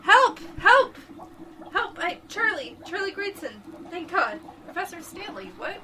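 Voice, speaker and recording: A woman voicing a frantic male professor who shouts breathlessly after a monster attack. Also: very high-pitched, very animated, moderate pace, far from the mic, noisy background, pitched above the performer's own voice.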